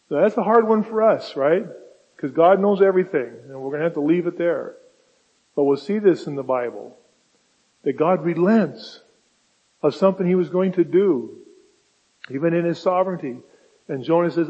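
A man preaches to his congregation in a conversational, emphatic way, often asking the room questions. His voice is husky and sits a little high for a man. The recording is dull and lo-fi, with a long reverb from the church sanctuary. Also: moderate pace, pauses often. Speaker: pastor. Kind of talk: sermon.

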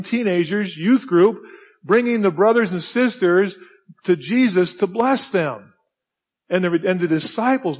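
A man preaching a sermon, dropping to a hush and then building to loud, emphatic peaks. His voice sits a little high for a man. The recording is dull and lo-fi. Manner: emphatic, swings from hushed to loud. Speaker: pastor. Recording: dull lo-fi sound.

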